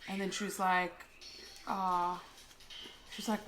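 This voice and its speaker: A young woman speaks at a medium pitch, soft and hesitant, stopping and restarting as she tells a candid personal story. Her delivery is halting and full of fillers. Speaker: co-host.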